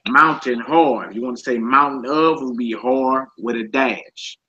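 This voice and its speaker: Slow, repetitive man teaching a class. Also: medium pitch, bright, forceful tone. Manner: slow, repeats each word, asks "all right?" often. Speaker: Hebrew teacher. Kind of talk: classroom lesson, reading and explaining. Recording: muffled lo-fi class recording with faint noise.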